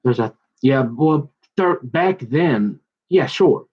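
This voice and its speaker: A man's voice: medium pitch, expressive, slow, husky, dull audio. A man talking in a loose, slangy, rambling monologue that jumps from one story to the next and keeps restarting his sentences.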